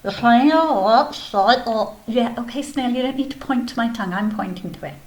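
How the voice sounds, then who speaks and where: A woman teaching a kindergarten video lesson, explaining patiently in a gentle, sing-song way. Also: fairly high pitch, moderate pace. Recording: echoey room, faint background ambience.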